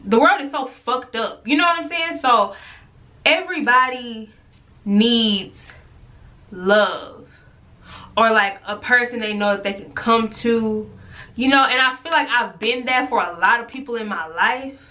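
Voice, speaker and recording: A young woman with a bright, fairly high voice talks straight to her viewers in a loose, casual vlog. She vents with plenty of swearing and laughs in between, calling her audience "girl" and "y'all". She is pregnant and talks like she is chatting with close friends. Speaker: vlogger. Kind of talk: casual venting to camera.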